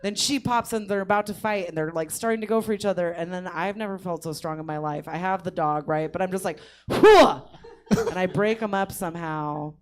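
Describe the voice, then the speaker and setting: A woman's voice: fairly low pitch, quick pace, few pauses. Laughing woman telling a wild story. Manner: laughs often while telling, animated voices for quotes. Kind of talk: casual comedic storytelling. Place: comedy theater stage.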